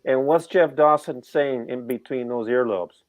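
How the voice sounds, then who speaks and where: A man's voice: mid-range voice, measured pace. A middle-aged man co-hosting a sports betting show, talking casually and animatedly, rambling and firing off rhetorical questions.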